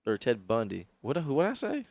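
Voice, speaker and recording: A man's voice: medium pitch, huge pitch swings, fairly quick, vocal fry, darkish tone, no room sound. Laughing young man in podcast chat. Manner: laughs often, riffs with impressions. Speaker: podcast co-host. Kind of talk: casual comedic chat.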